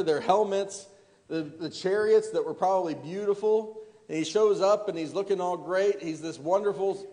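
A man preaching a sermon, his fairly high voice carrying long reverb through a church hall. He asks the congregation rhetorical questions and often restarts his phrases. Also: mellow.

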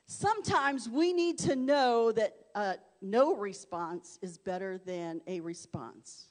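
A woman preaching a sermon, swinging from hushed, quiet stretches to loud, fervent shouting. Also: mid-range voice, lively intonation, slow, hardly any pauses.

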